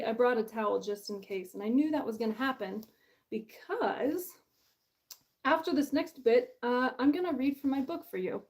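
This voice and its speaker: A woman's voice: mid-range voice, a little mellow. A woman author hosting her book launch in a casual livestream chat. She is bubbly and self-deprecating, and she laughs often.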